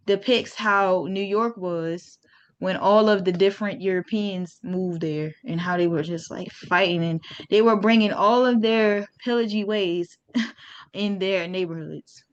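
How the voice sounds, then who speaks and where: A woman's voice: mid-range voice, slow pace, clean tone. Chatty woman on a dull lo-fi recording. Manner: informal, chatty, with slang and restarts. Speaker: host. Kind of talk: casual history talk to viewers.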